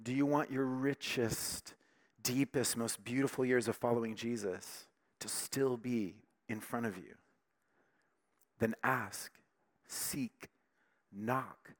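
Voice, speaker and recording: A man preaching a sermon with emphatic, animated delivery, dropping to quiet, intimate tones between louder passages. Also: medium pitch, takes it slowly, pauses often. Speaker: pastor.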